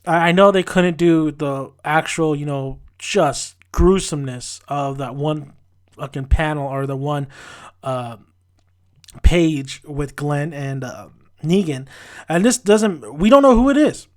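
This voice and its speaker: A man's voice: fairly high pitch, takes it slowly. A man reviewing a TV episode in a casual, frustrated rant with frequent restarts. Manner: frustrated, ranting, with many restarts. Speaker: TV show reviewer.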